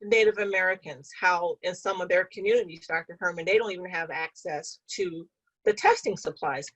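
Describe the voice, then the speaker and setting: A woman's voice: on the low side, normal speed, fairly bright tone, breathy edge, rough recording. A woman guest in an interview, telling a personal story in an earnest, conversational way and speaking with conviction.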